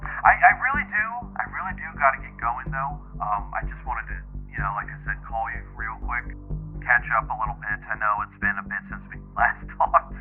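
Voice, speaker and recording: Man doing a halting, restart-heavy caller; tinny phone sound. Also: lowish voice, lively intonation, soft background music, natural voice. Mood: friendly.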